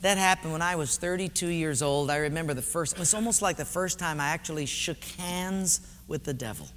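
A male pastor preaching a sermon in animated storytelling style. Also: on the high side, fairly quick, a little hiss or hum. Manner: animated storytelling, acts out voices. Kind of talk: sermon with a told joke. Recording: echoey hall reverb.

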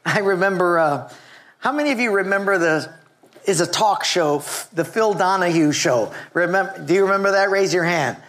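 A preacher giving a sermon who tells stories with lively energy and calls out to the congregation. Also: mid-range voice, moderate pace. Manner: storytelling, animated, calls on the congregation.

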